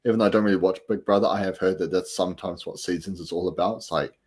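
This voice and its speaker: Male host, lowish voice, chatty and rambling, lots of "you know". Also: steady tone, quick pace, a little mellow, breathy edge. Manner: upbeat, rambling with many fillers. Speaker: podcast host. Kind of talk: casual chat.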